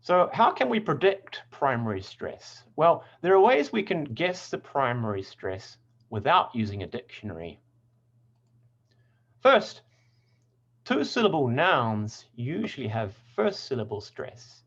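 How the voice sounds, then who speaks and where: A man leads a scripted pronunciation lesson in a voice with plenty of melodic movement. He stresses example words deliberately so listeners can copy them. The recording has a slightly muffled, lo-fi quality. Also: medium pitch, sing-song, fairly bright tone. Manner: clear, deliberate word demonstrations. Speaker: English pronunciation teacher.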